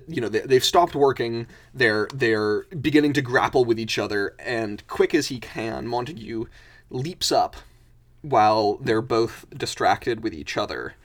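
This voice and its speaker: A man narrating his character's actions in a tabletop game, with hesitant phrasing and many fillers and restarts. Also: on the low side. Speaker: player.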